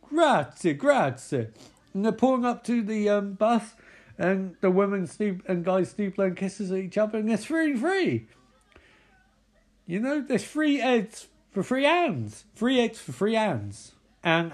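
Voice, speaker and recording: Sweary man riffing on a film. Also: high-pitched. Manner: rambling, sweary, sarcastic. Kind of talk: riffing commentary over a film.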